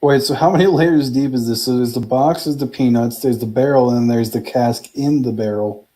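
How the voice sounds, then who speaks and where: Man, tabletop player, casual, blunt, mellow tone. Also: mid-range voice, normal speed.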